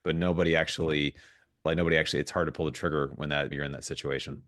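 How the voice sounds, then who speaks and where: A man speaking as a guest in a podcast interview, telling stories in an animated way with frequent restarts. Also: a bass voice, no echo, clean studio sound. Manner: fast, animated storytelling with restarts. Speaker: guest investor.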